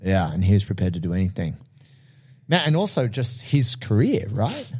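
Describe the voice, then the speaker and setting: A man chatting casually about favourite films, animated, swearing freely and acting out lines from the movies. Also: on the low side, moderate pace, slightly rough. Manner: animated, swearing, acts out film quotes.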